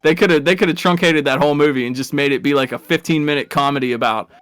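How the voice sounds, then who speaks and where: A rambling, talkative man commentates a live video game race in a relaxed stream style. His voice sits a little high, and he chuckles at his own tangents. The sound is dry and close, with faint music underneath. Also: fast, clear, resonant tone, no room sound. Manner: rambling and chatty, laughs at his own stories.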